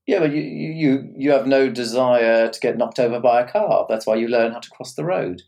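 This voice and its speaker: Man, podcast co-host, mid-pitched, teasing and prodding with questions. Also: lively intonation, brisk, creaky, a little mellow. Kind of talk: casual chat.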